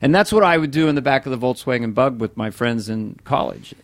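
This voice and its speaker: Brief: middle-aged male comic, lively and animated, dry close mic. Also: brisk, no echo. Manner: animated, jumps in pitch, slips into voices. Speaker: comedian guest. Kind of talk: casual podcast chat.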